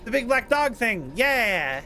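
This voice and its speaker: Rambling bright-voiced male streamer. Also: extremely high pitch, sing-song, slow pace, slight background noise. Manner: rambling, chatty, self-deprecating. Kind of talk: live-stream gameplay chat.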